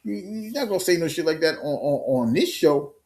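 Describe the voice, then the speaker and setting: A man hosting a live stream, telling the story in an animated, slang-heavy way with swearing and casual sports talk. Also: fairly high pitch, a little fast.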